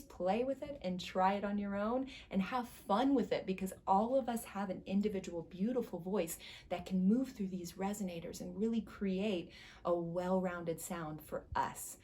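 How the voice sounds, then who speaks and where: A woman voice teacher giving a casual, encouraging singing lesson, chatting and now and then breaking into high sung slides. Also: moderate pace, a little mellow. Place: music school studio.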